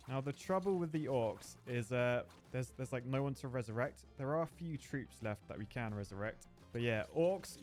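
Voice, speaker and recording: A young man giving chatty, excitable live commentary while he plays a strategy game, joking as he goes. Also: medium pitch. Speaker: gaming streamer. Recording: faint music behind the voice.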